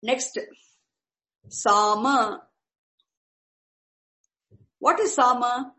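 A woman's voice: sits high, takes it slowly, pauses often, low-quality recording. A woman teaching a lecture on Vedic chanting, patiently repeating and rephrasing terms as she explains them.

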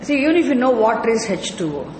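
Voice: mid-range voice, sing-song, fast talker, a little mellow. A teacher giving an explanatory lecture on Sanskrit scripture, patient and often asking the class rhetorical questions. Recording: echoey hall with faint ambient noise.

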